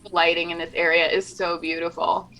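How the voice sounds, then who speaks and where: A woman talks casually over gameplay as a developer of the game. Her voice is bright and forward. She is upbeat, chatty and quick to laugh. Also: on the low side, flat delivery, soft background music.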